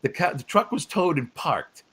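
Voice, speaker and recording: A man who is a former wrestling referee, guest on a podcast, telling stories in an animated, laughing way. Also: fairly high pitch, moderate pace, husky. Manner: animated storyteller, breaks into laughs. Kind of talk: casual storytelling on a podcast.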